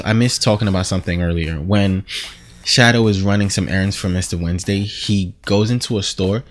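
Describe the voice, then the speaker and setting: A man giving a casual, animated TV episode recap, rambling and acting out quotes as he goes. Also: low voice. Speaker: show reviewer.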